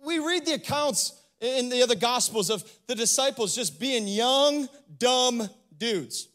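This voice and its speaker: A man, the pastor, giving a sermon to his congregation in a casual, animated way, often breaking off with "like" asides. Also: very high voice, a little slow. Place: church service before a congregation.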